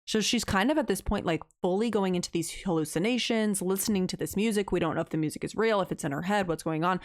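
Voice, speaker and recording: A young woman co-hosting a podcast, casually retelling a book's plot in an animated way. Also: medium pitch, quick pace, dry recording, studio quality. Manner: animated retelling with acted quotes. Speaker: podcast co-host. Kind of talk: casual book recap chat.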